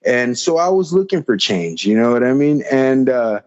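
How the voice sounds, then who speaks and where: Male podcast guest, casual rambling storyteller who acts out dialogue, average pitch, muffled lo-fi mic. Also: big pitch swings, normal speed, darkish tone. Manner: rambling, repeats phrases, acts out quoted dialogue. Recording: slightly dull lo-fi audio.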